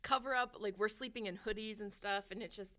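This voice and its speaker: A woman's voice: medium pitch, fairly even intonation, fairly quick, sharp tone, dry recording, clean studio sound. A woman co-hosting a podcast in casual chat, laughing often as she tells stories. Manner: chatty, laughs often, storytelling. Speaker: podcast co-host.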